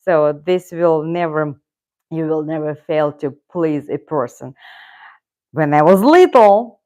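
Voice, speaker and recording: Slow, rambling Russian-born woman. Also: deep voice, lively intonation, a little mellow. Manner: rambling, self-correcting, chuckles often. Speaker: channel host. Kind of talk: casual live-stream chat.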